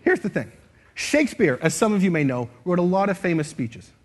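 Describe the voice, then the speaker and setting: A man's voice: high voice, sing-song, fairly quick. A man speaking on stage to a live audience, leading a playful speaking exercise and acting out different ways of saying lines. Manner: playful, demonstrative, shifts voice to show expression. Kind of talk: interactive stage talk.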